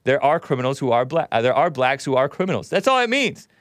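A man's voice: medium pitch, very animated, quick pace, no room sound, clean studio sound. A man hosting a call-in show, talking in a rambling way that often breaks off and laughs. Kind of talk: casual call-in talk.

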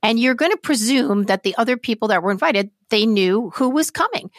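Earnest, high-voiced woman podcaster. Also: animated, fairly quick, dry recording. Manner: earnest, easily moved, rambling. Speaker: podcast co-host. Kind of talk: casual chat.

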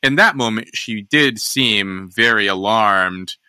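A man's voice: on the low side, takes it slowly, sharp tone, clean tone, no room sound. A man hosting a podcast, chatting casually and thinking aloud with lots of restarts. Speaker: podcast host. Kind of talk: casual discussion.

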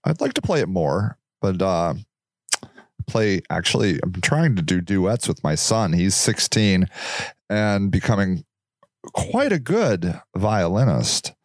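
Excitable man in his forties, lively pitch. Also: slow pace, no echo. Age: 40s. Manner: animated, exclamatory, full of restarts and rhetorical questions. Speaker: podcast host. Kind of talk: rambling solo monologue.

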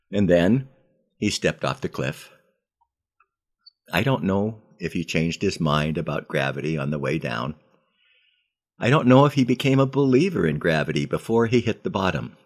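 A man with a deep, low voice hosts a devotional podcast. He tells a story and reads scripture in an earnest, measured way. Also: sing-song. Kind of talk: storytelling and Bible reading.

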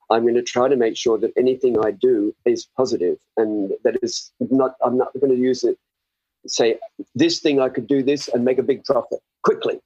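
Heard over slightly muffled remote audio with no echo, an older author with an Australian accent answers interview questions in an earnest, rambling, self-searching way. He speaks at a medium pitch with a warm tone.

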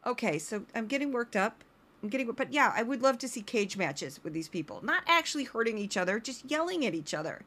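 A woman hosting a podcast of comedic political commentary, talking in a sarcastic, animated way. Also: fairly high pitch, fairly quick. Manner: sarcastic and animated, slips into voices. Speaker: podcast host.

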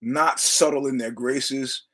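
A man's voice: mid-range voice, fairly even intonation, slow, a bit bright, breathy edge. A man hosting his own podcast, talking in a rambling, digressive way, quoting film lines and laughing often. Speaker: podcast host. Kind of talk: rambling casual monologue.

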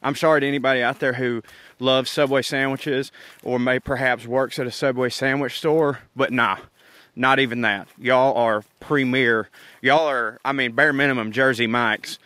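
A comedian who hosts a podcast, a North Georgia man with a Southern accent, rambles and jokes while walking outside on an overcast, windy day. His medium-pitched voice is clear and resonant, moving at a moderate pace with no echo, and he's animated and laughs often.

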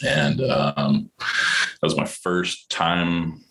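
A man in his thirties with a very low, deep voice tells animated, profane stories in a casual interview. He is from Florida and acts out what people said on set in raised, punchy voices. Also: extremely slow, gravelly, poor audio. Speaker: actor guest.

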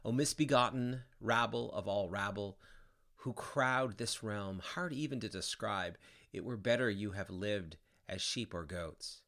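An expressive man reading epic poetry. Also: lowish voice. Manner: expressive, theatrical. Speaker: reader.

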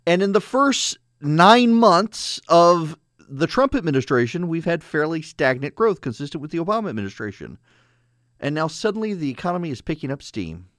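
Guy hosting talk radio, kinda high voice, sarcastic, super dry studio sound. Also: normal speed, no echo. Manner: sarcastic, animated, laughs at his own jokes. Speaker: radio talk show host. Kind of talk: conservative talk radio monologue. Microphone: studio microphone.

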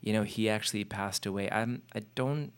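A man hosting a casual interview, asking questions in a relaxed, filler-heavy way and livening up when he tells stories. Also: on the low side, normal speed, clean tone. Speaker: podcast host.

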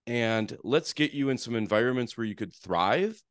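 A man's voice: medium pitch, animated, normal speed, no room sound. A man with a North Dakota accent talks through his past as a podcast guest. His voice sits in an ordinary middle register and sounds dry and close. His storytelling is loose and chatty, full of "you know" and jokes at his own expense. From North Dakota, USA. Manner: chatty and self-deprecating, with frequent "you know". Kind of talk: casual storytelling interview.

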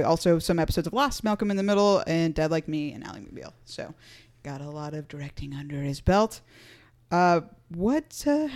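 A woman's voice: on the low side, a little mellow. A woman hosting a casual podcast, recapping an episode with playful asides. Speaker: podcast host.

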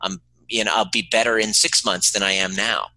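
A man with a low, strikingly bright and forceful voice talks earnestly as an interview guest, acting out conversations from his stories. The recording is dry and close, with no room sound. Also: fairly even intonation, a little fast, no room sound, rough recording. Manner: earnest, emphatic, acts out dialogue in his stories. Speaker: podcast guest, emotional healing teacher.

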